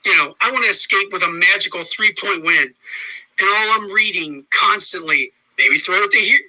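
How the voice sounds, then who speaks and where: A man's voice: high voice, normal speed, low-quality recording. A man telling a sarcastic, comedic rant on a podcast. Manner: animated, sarcastic storytelling.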